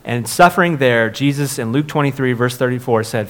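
A man's voice: mid-range voice, fairly quick, hardly any pauses, fairly bright tone. A man, a pastor, preaching a sermon in a conversational way, with fillers and restarts, rising for emphasis on key points.

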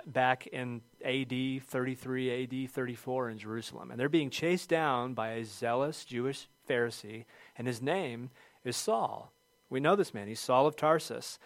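A middle-aged man preaching a sermon, telling a funny personal story with lively shouted quotes before returning to scripture. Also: mid-range voice, no room sound. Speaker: pastor.

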